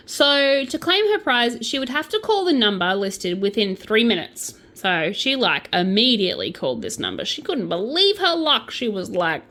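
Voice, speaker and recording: Crocheting while she talks, this Australian vlogger casually recounts scam stories in true-crime fashion, tossing in playful jokes and slipping into mock accents. She speaks at a normal speed in a somewhat bright, high-leaning voice that is very animated.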